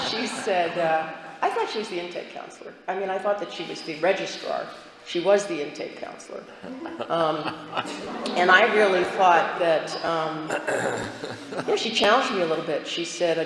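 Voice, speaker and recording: A woman telling her recovery story with candid, self-mocking humor, laughing at herself now and then. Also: fairly low pitch. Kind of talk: personal recovery talk. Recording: echoey hall, faint room noise.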